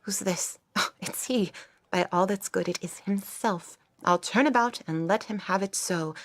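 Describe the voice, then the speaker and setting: A woman's voice: medium pitch, moderate pace, no echo, lightly acted. A woman playing a vain, scornful young maidservant in a stage play, delivered with haughty mockery. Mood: daydreaming.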